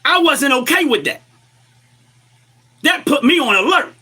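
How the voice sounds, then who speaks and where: A man's voice: very high voice, sing-song, a little slow, pushed and bright. A man giving impassioned political commentary, emphatic and lecturing, firing rhetorical questions at his listeners.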